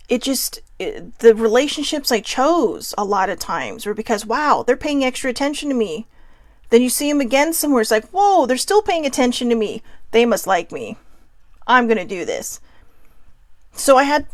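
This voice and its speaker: A woman's voice: fairly high pitch, no room sound. A woman hosting a show, talking candidly and emotionally about her own healing, often restarting her sentences. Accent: Hawaiian. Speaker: host. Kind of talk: personal reflective monologue.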